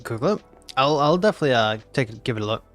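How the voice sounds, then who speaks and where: Talking very fast and expressively in a medium-pitched voice, a nineteen-year-old man livestreams games as a VTuber. He playfully ribs his chat and echoes phrases with fake indignation over soft background music.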